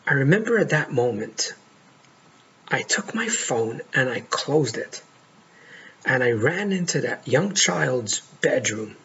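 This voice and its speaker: Earnest man with a gravelly voice. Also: mid-range voice, very animated, fairly bright tone. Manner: earnest, heartfelt, pauses often to stress words. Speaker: life coach. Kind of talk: monologue to camera. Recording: dull lo-fi audio with faint noise.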